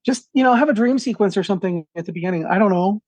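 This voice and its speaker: A man's voice: high-pitched, quick pace, a little mellow, no echo, dull audio. Sarcastic podcast guy, dismissive, jokey, dry close sound. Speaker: podcast co-host, film critic. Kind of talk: casual chat.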